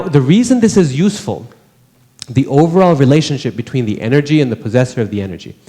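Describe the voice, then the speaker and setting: Mellow-voiced man lecturing in a hall. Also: mid-range voice. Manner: conversational, asks the class rhetorical questions. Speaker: religious teacher. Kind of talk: scripture class lecture. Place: temple hall.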